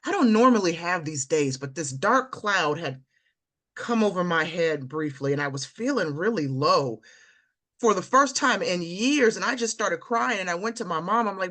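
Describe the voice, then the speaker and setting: A woman's voice: on the low side, expressive, moderate pace, a bit bright. A woman interviewing a guest, speaking in a personal, affirming way and sharing her own story. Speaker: interview host. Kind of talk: conversational interview.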